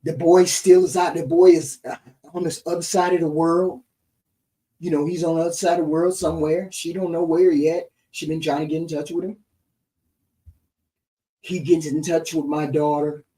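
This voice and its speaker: Middle-aged woman co-host, casual animated storyteller, warm mellow tone, sits back from the mic. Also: deep voice, normal speed, distant mic, low-quality recording. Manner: animated retelling, tags lines with "right?". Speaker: podcast co-host.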